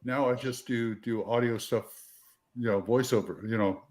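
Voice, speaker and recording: A voiceover narrator with a smooth radio DJ voice, chatting in an easygoing way on a livestream. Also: male voice, medium pitch, normal speed, crowd noise. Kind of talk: casual livestream chat.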